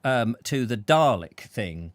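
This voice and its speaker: A man's voice: mid-range voice, very animated, slow, no echo. A man hosting a casual chat show, rambling through anecdotes and chuckling as he tells them. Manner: rambling anecdotes with laughs, acts out voices. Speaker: host.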